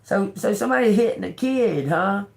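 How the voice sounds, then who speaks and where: An older woman doing a live tarot reading, talking slowly and bluntly with swearing, repeating words as she reads the cards aloud. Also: mid-range voice, expressive, creaky, a little mellow. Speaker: tarot reader.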